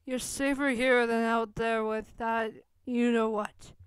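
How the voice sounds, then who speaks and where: Reassuring teenage wizard boy, read by a woman, calm and clear, dry close sound. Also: fairly high pitch, slow pace, no room sound. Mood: comforting.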